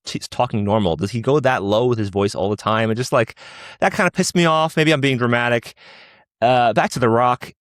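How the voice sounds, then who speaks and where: A man's voice: medium pitch, dry recording, clean studio sound. A man co-hosting a podcast, opinionated and casual, filling his talk with "like". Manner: opinionated, peppers speech with "like". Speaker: podcast co-host. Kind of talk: casual chat.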